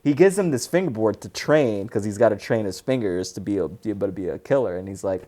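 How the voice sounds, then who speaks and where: Podcast co-host, lively storyteller with a wide-moving pitch and a casual recap delivery. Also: fast talker. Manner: animated retelling, laughs often. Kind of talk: casual movie recap chat.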